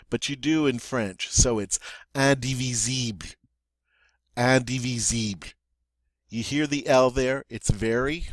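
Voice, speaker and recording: A man's voice: medium pitch, dry recording, studio quality. A man teaching a French pronunciation lesson, patiently repeating words and checking in with "all right?".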